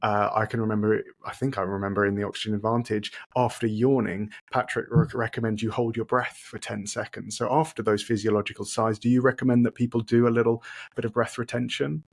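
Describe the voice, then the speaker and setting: A man's voice: on the low side, level tone, fairly quick, gravelly. A man hosting a podcast who asks questions informally and jokes about himself. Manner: informal, self-deprecating, chatty. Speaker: podcast host. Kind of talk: casual interview questions.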